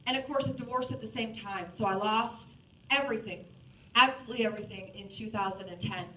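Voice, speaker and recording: A woman in her forties telling a self-mocking story to an audience in a lively, animated way. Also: fairly high pitch, quick pace. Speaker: speaker. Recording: roomy, distant from the mic.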